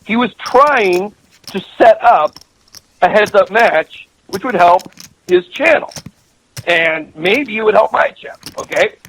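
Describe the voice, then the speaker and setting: A middle-aged man with a high, expressive voice and a fairly bright tone calls into a show as a professional gambler. He takes his time telling a heated story, swearing a lot and emphatically repeating himself, and the recording quality is low.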